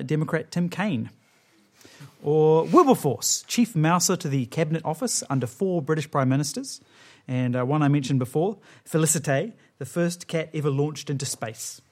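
A man hosting a comedy panel show, explaining rounds loosely with many fillers and halting restarts. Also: on the high side, a little mellow. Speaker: quiz show host.

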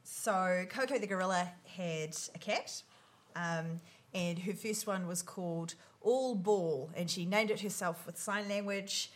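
A woman with a fairly low voice reads a comic essay aloud on a panel show. Her delivery is measured and deadpan. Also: a little hiss or hum. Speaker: comedy panellist.

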